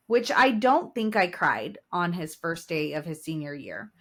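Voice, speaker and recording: A woman's voice: medium pitch, big pitch swings, a little slow. Chatty woman podcast co-host. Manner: chatty, laughing, emotional storyteller. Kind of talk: casual chat.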